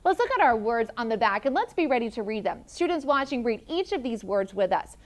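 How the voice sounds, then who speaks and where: A woman teacher in a classroom, leading a phonics drill and chanting sounds and letters slowly and deliberately, calling on pupils with encouragement. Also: on the high side, big pitch swings.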